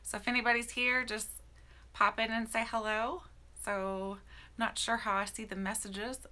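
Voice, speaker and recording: A woman hosting a casual beauty live stream from home, greeting viewers by name. Her voice is slightly hoarse and tired. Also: on the high side, steady tone, moderate pace, sharp tone.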